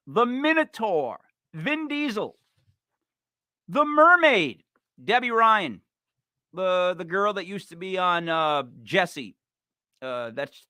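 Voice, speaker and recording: A man's voice: high-pitched, pushed and bright, no echo, studio quality. A man hosting a podcast, talking in a casual, joking and emphatic way. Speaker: podcast host. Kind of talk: casual comedic chat.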